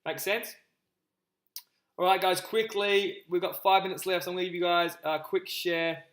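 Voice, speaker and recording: A man coaching a group on a live call, energetic and repetitive, often calling his listeners guys. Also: high-pitched, normal speed, echoey room, poor audio. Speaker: business coach.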